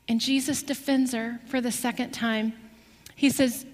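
A woman preaching a sermon, telling a story with lively rhetorical questions to her listeners. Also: fairly high pitch, a little slow, big-room sound.

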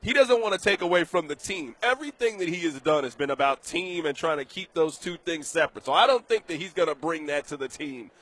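A man hosting a sports radio show, delivering an animated, emphatic, joking monologue from a studio. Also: a little high, brisk, few pauses.

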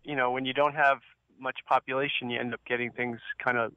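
A man's voice: medium pitch, flat delivery, fairly quick, clean tone. Hesitant male radio caller. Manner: hesitant, with many restarts. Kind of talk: phone-in question. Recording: dull lo-fi phone line.

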